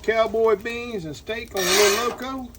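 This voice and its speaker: High-voiced man cooking on a griddle. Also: fairly even intonation, normal speed. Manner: folksy, talks to viewers while cooking. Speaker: cooking channel host. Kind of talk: casual outdoor cooking vlog. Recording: sizzling griddle noise behind.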